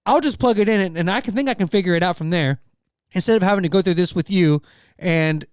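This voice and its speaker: A man's voice: sits high, fast, clear, resonant tone, no echo, studio quality. A man, co-hosting a podcast and telling a long, rambling story full of fillers and restarts. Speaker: podcast co-host. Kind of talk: casual chat.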